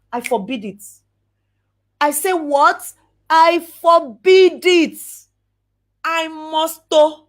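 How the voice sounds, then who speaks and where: A woman giving a lively motivational talk, acting out examples and drawing out words for emphasis. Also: fairly high pitch. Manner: animated, acts out examples, slow drawn-out emphasis. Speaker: speaker coaching on networking.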